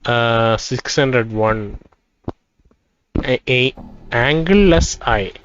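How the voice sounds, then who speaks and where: A man playing a role-playing game, reading its text aloud and thinking out loud about what he finds. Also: medium pitch, very slow, lo-fi sound, a little hiss or hum. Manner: thinking aloud, reads dialogue in quoted turns. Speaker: let's play gamer.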